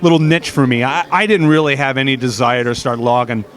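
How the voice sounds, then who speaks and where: A man's voice: medium pitch, a little fast, fairly bright tone. A middle-aged man in a casual interview, telling stories with many fillers and restarts, recorded outdoors at an expo. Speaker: guest, former steeplechaser.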